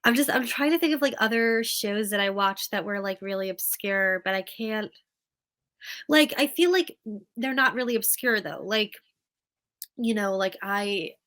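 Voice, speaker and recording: A young woman co-hosting a podcast, chatty and quick to react in casual conversation. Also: medium pitch, fairly bright tone. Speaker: podcast co-host. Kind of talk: casual chat.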